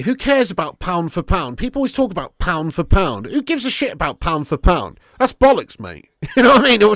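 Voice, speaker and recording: A man's voice: sits high, no room sound, studio quality. A man hosting a live football watch-along, chatting casually with his viewers and swearing freely. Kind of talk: live stream commentary and chat.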